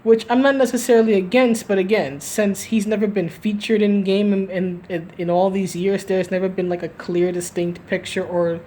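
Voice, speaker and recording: A woman's voice: medium pitch, fairly even intonation, normal speed, hardly any pauses, dark tone. A woman giving casual opinion commentary for a gaming video, rambling, restarting her sentences and tagging them with "right?". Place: at home, recorded live.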